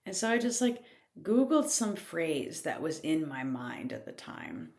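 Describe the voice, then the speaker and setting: A woman's voice: low voice, wildly swooping pitch, measured pace, gravelly, darkish tone. A woman hosting a podcast, telling her personal story in a candid, casual way, laughing often and swearing lightly. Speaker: podcast host. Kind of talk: reflective personal storytelling monologue.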